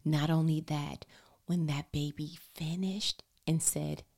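A woman with a slightly low voice tells a story straight to her listeners in a lively, expressive way. She often drops into a hushed whisper for emphasis, then comes back to full voice. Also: slow. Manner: animated, expressive, talks directly to listeners. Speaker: mother telling a story about her daughter. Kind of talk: casual storytelling to camera.

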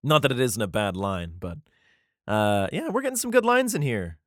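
Casting: man doing an irreverent comedic Bible reading, lively up-and-down delivery, dry sound. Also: medium pitch, moderate pace, dry recording. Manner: mixes solemn archaic reading with crude jokes; laughs often, profane. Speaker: scripture reader and commentator.

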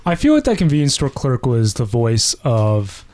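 A man joining a casual conversation about a movie. He offers measured, thoughtful points. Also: mid-range voice, huge pitch swings, a little mellow. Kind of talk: casual chat.

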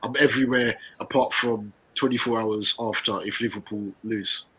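A man chatting about football on a podcast, animated and playful, laughing often. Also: on the low side, normal speed, slightly rough, poor audio. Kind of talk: casual football chat.

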